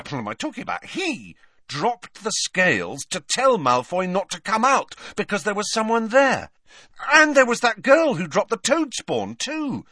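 A man's voice: sits high, no echo, studio quality, pitched above the performer's own voice, heavily acted. A man doing an eager teenage boy wizard. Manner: excited, quick to leap at ideas.

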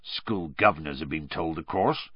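A male narrator puts on a hulking, gruff gamekeeper with a low, thick, rough country voice, slurring from drink and heavy with gloom. His slow, rumbling storybook lines sound dry and a little dull. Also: expressive, dry recording. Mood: dejected. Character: huge gruff dejected half-giant gamekeeper, drunk. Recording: dry, slightly dull audio.

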